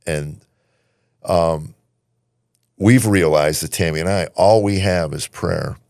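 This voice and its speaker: A man in his late sixties hosting a podcast, reflective and halting. His voice is very deep with a gravelly edge. The recording is dry and close. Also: darkish tone, no room sound. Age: 60s. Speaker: podcast host. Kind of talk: casual podcast chat.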